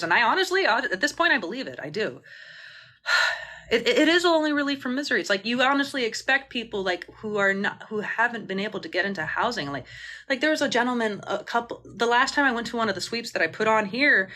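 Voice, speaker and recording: A woman's voice: mid-range voice, pushed and bright. A woman mutual aid organizer on a phone livestream, talking passionately and indignantly, swearing freely and rambling with restarts. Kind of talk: livestream Q&A rant.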